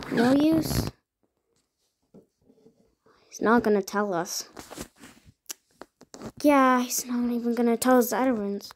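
A woman's voice: fairly high pitch, steady tone, moderate pace, long pauses. Woman voicing toy horses in a mystery. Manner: switches between chatty, whispered and accusing character voices. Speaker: toy horse role-play creator. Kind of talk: playing out a toy-horse mystery in several voices.

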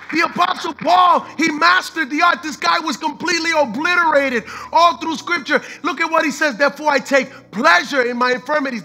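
A man's voice: very high-pitched, sharp tone. A man preaching a sermon as pastor, fervent and repetitive, mixing in street slang and the odd line of Spanish.

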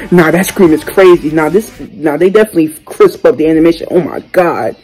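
A young man hosting a reaction video, talking casually and excitedly in slang, exclaiming and chatting as he watches. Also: a little high, fairly quick, soft background music, poor audio. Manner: exclamatory, slangy, keeps saying "bro".

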